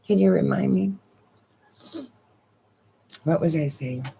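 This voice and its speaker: A woman hosting her own channel, giving an unhurried spiritual talk to viewers and often asking rhetorical questions. She is sniffling a little. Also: low-pitched, creaky, background noise. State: sniffling from allergy medicine. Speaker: channel host.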